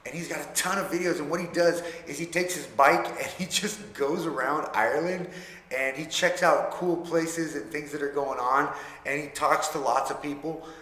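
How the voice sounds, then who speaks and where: A man chatting casually to camera as a vlogger, relaxed and self-deprecating. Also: on the high side, moderate pace. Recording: echoey room with long reverb.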